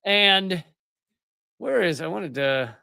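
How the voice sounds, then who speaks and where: A man's voice: high voice, animated, slow, gravelly, bright, forceful tone, clean tone, dry recording, clean studio sound. A man hosting a live political commentary show, ranting with biting sarcasm. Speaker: host.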